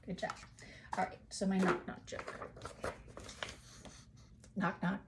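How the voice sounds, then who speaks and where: A woman's voice: mid-range voice, flat delivery, slow pace, creaky, very noisy. A woman teaching a phonics lesson to young children from home, talking in a patient, encouraging way.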